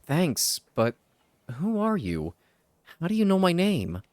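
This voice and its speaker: A man's voice: sits high, huge pitch swings, takes it slowly, a little mellow, slight background noise, voice pushed up, full character voice. A man voicing an earnest young boy hero, polite and curious.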